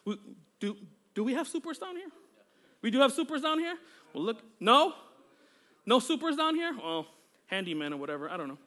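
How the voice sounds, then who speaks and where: A man's voice: very high voice, sing-song, brisk, long pauses, bright, forceful tone. A male pastor preaching a sermon during a church service. He is fervent and exclamatory, breaking into praise often and joking casually with the congregation.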